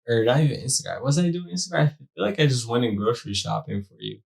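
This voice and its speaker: A young man co-hosts a casual podcast and tells stories about being a new dad. He talks in animated, slangy bursts and acts out the quotes himself. His voice sits at a plain middle pitch. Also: fast, vocal fry. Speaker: podcast co-host, new father. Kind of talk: casual storytelling chat.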